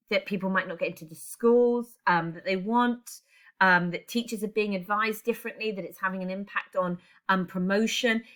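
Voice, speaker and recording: A woman's voice: mid-range voice, fairly bright tone. A woman teaching a language lesson online, explaining step by step and putting questions to her class. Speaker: English teacher.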